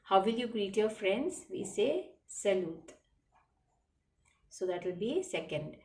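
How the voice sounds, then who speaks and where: A woman speaks slowly and patiently, walking children through a lesson and spelling words out letter by letter. Her voice sits back from the microphone in a roomy, echoing space, with a middle pitch. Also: expressive, dark tone, distant mic. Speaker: teacher. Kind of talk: slow classroom lesson explaining French words. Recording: roomy echo, voice from away from the mic.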